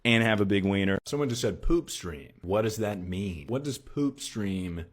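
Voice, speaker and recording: A man telling crude jokes in a casual, deadpan way, as a streamer chatting with his viewers. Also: on the low side, moderate pace.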